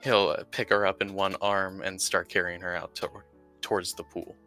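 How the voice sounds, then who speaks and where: A man with a fairly low voice and a sharp, bright edge to it. He narrates his character's moves in a tabletop role-play, pausing often on "uh" as he thinks. There is faint music behind him. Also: little pitch movement. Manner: narrates his character's actions with filler pauses. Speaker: tabletop game player.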